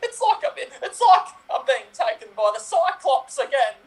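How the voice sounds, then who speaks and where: A man voicing a small, anxious young male clownfish in an improv comedy scene over a video call, indignant and shouting for help. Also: extremely high pitch, very animated, normal speed, voice pushed down, poor audio. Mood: panicked.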